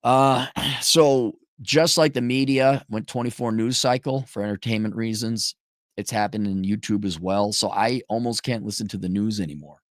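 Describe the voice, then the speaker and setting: A man's voice: lowish voice, moderate pace, no room sound, clean studio sound. A man hosting a show, giving blunt, sarcastic and profane commentary in a casual way while reading viewer donations.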